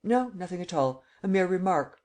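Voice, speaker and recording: A man reading an audiobook and voicing a mocking, cocky gentleman thief who climbs high and loud when he teases or rages. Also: normal speed. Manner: teasing, lively, rising to shouts.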